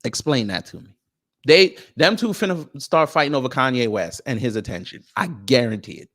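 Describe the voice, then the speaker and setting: A male political commentary host rants at his live-stream audience, firing off rapid rhetorical questions in an animated, mocking tone. His pitch is mid-range, and he laughs scornfully as he talks.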